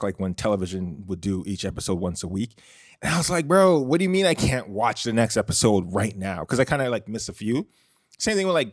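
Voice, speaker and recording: A man hosts his own podcast, talking to listeners in a loose, rambling way that is filled with "like" and "you know". His voice sits at an ordinary middle pitch. He is recorded close to the microphone in a dry space with no room echo. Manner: chatty, heavy use of "like" and "you know", restarts. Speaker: podcast host. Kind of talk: casual solo podcast monologue. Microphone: close studio microphone.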